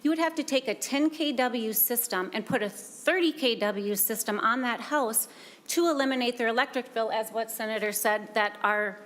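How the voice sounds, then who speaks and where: A woman's voice: on the high side, normal speed, a bit bright. Emphatic woman testifying at a hearing. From Minnesota. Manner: earnest, emphatic, repeats key points. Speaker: solar business owner testifying. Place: legislative hearing room.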